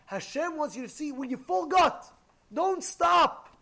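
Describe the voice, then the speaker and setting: A man giving a Torah class as a rabbi, animated, repeating points and asking his listeners rhetorical questions. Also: extremely high pitch, normal speed, creaky.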